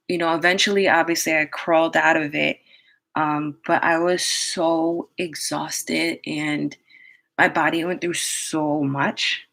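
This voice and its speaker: A beauty vlogger with a low, sharp-toned voice chats through a personal story while doing her makeup on camera at home. She's full of fillers and laughs often, and the recording quality is poor.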